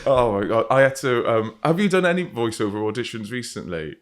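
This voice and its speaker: A man's voice: medium pitch, sing-song, a little fast. A man hosting a podcast, chatting with a guest in an enthusiastic, gushing way. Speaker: podcast host. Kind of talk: casual chat.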